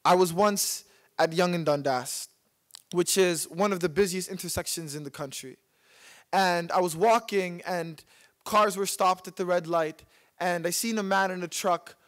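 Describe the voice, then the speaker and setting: A man's voice: sits high, normal speed. A young man from Canada giving a talk on stage, moving from spoken-word poetry into personal storytelling, rhythmic and impassioned, repeating phrases for emphasis. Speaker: speaker at a public talk. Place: stage before a live audience.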